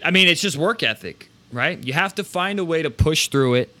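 Bright-voiced man hosting a live business show. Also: a little high, moderate pace. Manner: energetic, casual, swears, rambling restarts. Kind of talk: casual motivational business talk.

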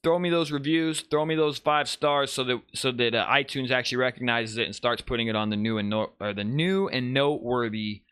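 A man's voice: medium pitch, fairly quick, hardly any pauses, a bit bright, smooth, no echo. A man hosting a live podcast, talking casually and rambling, correcting himself and greeting chat viewers as he goes. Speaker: podcast host.

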